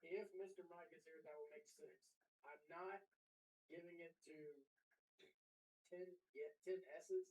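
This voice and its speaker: A woman's voice: lowish voice, fairly even intonation, measured pace, darkish tone. A woman co-hosting a live trading stream, firmly explaining the scoring rules. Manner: firm, rule-minded. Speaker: stream co-host keeping score. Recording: faint, distant from the mic.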